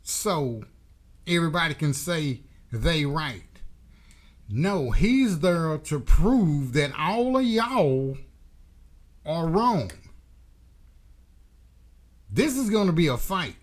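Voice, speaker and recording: A man's voice: on the high side, big pitch swings, slow pace, long pauses. A man hosting a boxing commentary channel, delivering a blunt, profane, emphatic opinion rant.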